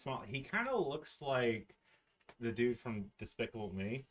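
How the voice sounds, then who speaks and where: A man narrating a tabletop game as dungeon master. He talks casually and haltingly, with frequent restarts and filler words. His voice sits at an ordinary pitch. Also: sing-song. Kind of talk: describing scenes in a tabletop game.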